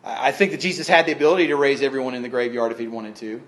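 A man preaching a sermon as pastor, folksy and repeating phrases for emphasis, swinging between hushed tones and loud declarations. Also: mid-range voice, fairly even intonation, rapid-fire.

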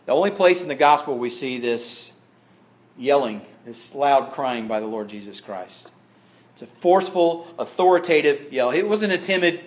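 A man preaching a sermon as pastor, folksy and repeating phrases for emphasis, swinging between hushed tones and loud declarations. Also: medium pitch, animated, normal speed.

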